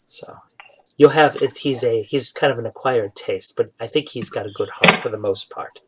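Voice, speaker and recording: A man narrating as dungeon master, in a relaxed, casual way with plenty of fillers. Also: medium pitch, moderate pace, breathy edge, rough recording. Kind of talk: casual tabletop game narration.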